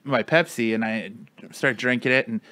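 A man's voice: medium pitch, normal speed, bright, forceful tone, no room sound. A man in casual chat with friends, telling a long story in a rambling way, full of "like" and acted-out quotes.

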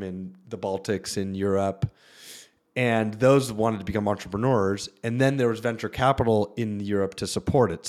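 Speaking in a lowish voice, a man sits on a panel as a venture capitalist, keeping things casual and loose with lots of fillers and animated asides.

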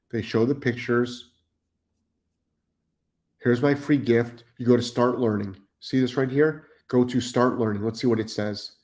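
A man's voice: mid-range voice, darkish tone. A middle-aged man hosting a live stream as a dog trainer, blunt and profane, repeating himself for emphasis as he reads chat comments.

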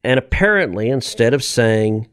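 Animated self-mocking man in his fifties. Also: medium pitch, normal speed, clean tone, no room sound, studio quality. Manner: animated, self-deprecating, restarts often. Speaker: politician guest. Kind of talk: casual interview storytelling.

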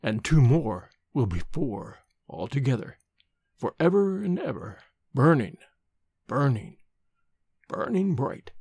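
A man voicing a dying old nobleman, sinister and spiteful, speaking slowly and menacingly with a gravelly voice. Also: sing-song, darkish tone, dry recording, clean studio sound, full character voice. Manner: slow, low and menacing.

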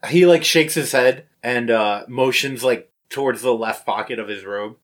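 A man's voice: medium pitch, normal speed. A man narrating a tabletop game as game master, loose and hesitant with many fillers.

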